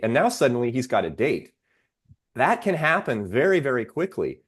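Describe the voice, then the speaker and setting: A husky, very animated man with a mid-range voice, appearing as a psychiatrist guest on a podcast. In a measured way, he explains concepts steadily and backs them up with examples, the talk being explanatory interview style.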